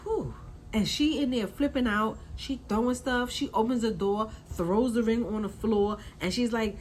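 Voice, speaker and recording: A woman hosting a casual recap, talking in an animated way, repeating her points and acting out quotes. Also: on the high side, normal speed, slight background noise, low-quality recording. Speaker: reality TV recap host.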